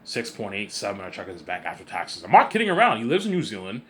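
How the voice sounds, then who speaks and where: A vlogger rambles through a casual monologue in a lowish voice that's fast, pushed and bright, with huge swings in pitch. He repeats himself a lot and comes across as boastful and self-assured.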